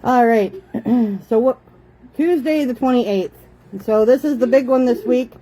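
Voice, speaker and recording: Mellow-voiced woman chatting from home. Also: fairly high pitch, measured pace, poor audio. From Canada. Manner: chatty, motherly, breaks off to scold kids. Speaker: host. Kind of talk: casual home livestream chat. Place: home living room.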